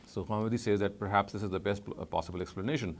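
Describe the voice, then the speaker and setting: Speaking low and at a measured pace, a man lectures on Islamic studies in a scholarly style. Frequent "uh" pauses and self-corrections run through his delivery.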